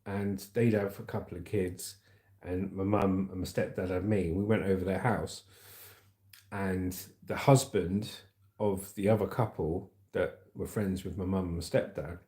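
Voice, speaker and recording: A man's voice: deep voice, measured pace, mellow, roomy sound. A man hosting a livestream, chatting casually and rambling as he reads the news, often calling his viewers "mate".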